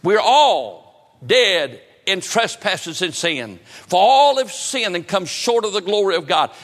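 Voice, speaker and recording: A man's voice: high-pitched, very animated, slow, fairly bright tone, in a large hall. A man preaching a sermon with a fervent, repetitive cadence.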